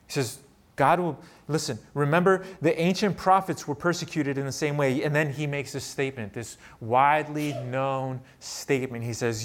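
A man delivering a sermon as a pastor, swinging from loud emphatic peaks to quiet asides and putting rhetorical questions to the congregation. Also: a little high, fairly even intonation, moderate pace. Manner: asks the audience rhetorical questions.

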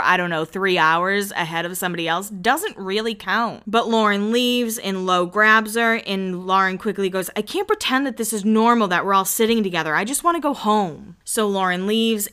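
A woman chatting casually as a podcast host, recapping a reality show and quickly acting out what people said. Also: on the low side, sharp tone, clean tone. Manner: chatty, quotes people in quick acted voices.

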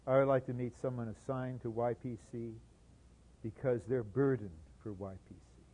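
A man preaching a sermon, swinging between soft asides and loud, emphatic bursts. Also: medium pitch, steady tone, moderate pace, lo-fi sound.

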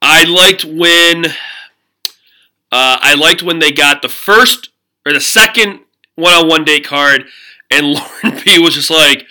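A man's voice: on the high side, slow, sharp tone. A man co-hosting a podcast, chatting casually and laughing as he recaps a reality show. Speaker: podcast co-host. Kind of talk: casual chat.

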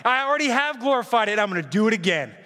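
A man's voice: high-pitched, sing-song, fast, bright, forceful tone, pitched above the performer's own voice, heavily acted. A man voicing God as a proud, joyful father in an exuberant, emphatic way during a sermon. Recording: reverberant hall.

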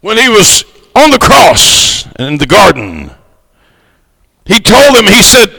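A high, bright-voiced man preaching a fervent sermon, his tone shot through with gravel. He builds to shouts and stretches out the words he wants to land. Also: huge pitch swings, slow, long pauses, poor audio. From United States. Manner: fervent, swells to shouts, draws out key words. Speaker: missionary preacher.

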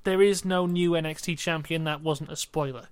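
A man's voice: a little high, fairly even intonation, moderate pace, smooth, dry recording. A young British man co-hosting a casual wrestling review podcast, recapping matches with playful quoted asides. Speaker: podcast co-host.

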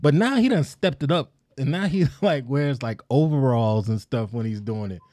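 A man hosting a podcast in relaxed, rambling casual chat, often laughing mid-sentence. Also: mid-range voice, moderate pace, no room sound, studio quality. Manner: laid-back, rambling, laughs while talking. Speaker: podcast host.

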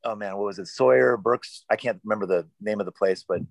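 A man's voice: lowish voice, fast talker, vocal fry, no room sound, low-quality recording. A man chatting as a podcast guest, rambling and self-deprecating with lots of fillers. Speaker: guest actor. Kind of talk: casual podcast chat.

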